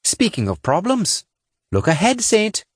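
A man's voice: sits high, huge pitch swings, measured pace, breathy edge, no room sound, voice pushed up, full character voice. A man voicing a tough female marine with dry, clipped speech in an audiobook. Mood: wry.

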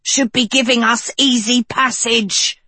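A woman voicing a bossy teenage witch girl shouting orders. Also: fairly high pitch, fairly even intonation, unhurried, slightly rough, no echo, voice pushed up, heavily acted.

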